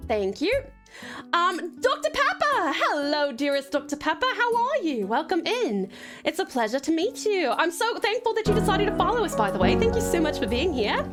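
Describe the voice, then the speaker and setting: A woman's voice: very high voice, very animated, moderate pace, fairly bright tone, faint music behind, voice pushed up, full character voice. A woman putting on a sing-song British accent. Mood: doting, gushing. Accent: put-on British. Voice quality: sing-song, showering endearments. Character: woman in a put-on British accent, sweetly doting. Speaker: streamer. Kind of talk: live stream chat, thanking viewers.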